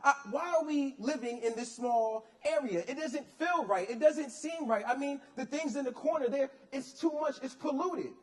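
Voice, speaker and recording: A man puts on a restless young rooster in a told story, pitched up well above his own high voice, pressing one puzzled question after another with a tight, uneasy edge. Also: normal speed, few pauses.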